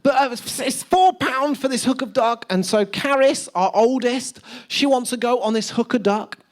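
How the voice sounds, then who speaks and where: A man's voice: extremely high pitch, normal speed. A man preaching to a live congregation, a pastor telling chatty, self-deprecating stories. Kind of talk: sermon with humorous anecdotes. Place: church service with live audience.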